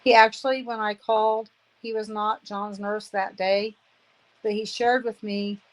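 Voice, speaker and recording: A woman's voice: mid-range voice, little pitch movement, unhurried, poor audio. A woman in her fifties giving an emotional personal testimony, aggrieved and earnest, repeating phrases for emphasis. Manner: aggrieved, indignant.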